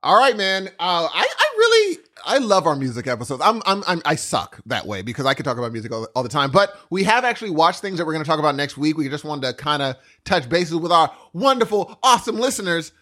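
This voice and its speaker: A man co-hosting a podcast in loose, casual chat. His voice sits a little high and swings widely in pitch. He talks in an animated way, jumping in and restarting his sentences as ideas hit him. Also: fast talker, few pauses. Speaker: podcast co-host.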